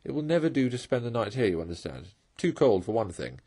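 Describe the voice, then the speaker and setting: A good-natured water rat from a storybook talks in a calm, reassuring way, voiced by a man reading the tale. His voice sits at a middling pitch and quickens when he is keen to get moving. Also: slightly rough. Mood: cheerful. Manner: soothing, reassuring.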